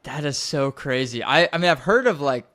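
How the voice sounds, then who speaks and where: Guy hosting a podcast, casual chat, middle pitch, lots of amazed little reactions. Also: expressive, moderate pace, a bit bright. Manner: reacts with short amazed interjections. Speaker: podcast host.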